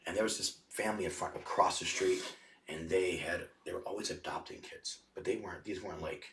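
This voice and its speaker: A man, a podcast guest, telling rough stories in a rambling, profanity-heavy casual way. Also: low voice, fairly even intonation, a little fast, a bit bright, recorded from a distance, slight background noise. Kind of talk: casual storytelling. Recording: echoey room, off-mic.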